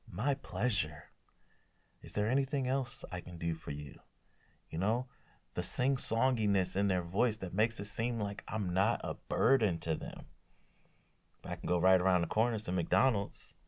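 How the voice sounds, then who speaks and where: A man giving a conversational sermon, rambling at times and acting out little quoted exchanges. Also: fairly low pitch. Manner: casual, rambling, self-correcting, acts out quotes. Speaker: preacher.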